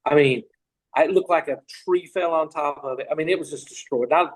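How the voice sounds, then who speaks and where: A man's voice: on the high side, a little fast, rough recording. A middle-aged man from Tennessee, a podcast guest telling a long anecdote in a rambling way, full of restarts and asides. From Tennessee, USA. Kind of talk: casual anecdotal storytelling.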